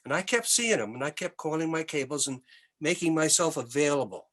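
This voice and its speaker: An older Canadian man, a musician guest, telling animated anecdotes in an interview with many restarts. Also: on the high side, brisk. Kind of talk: storytelling interview.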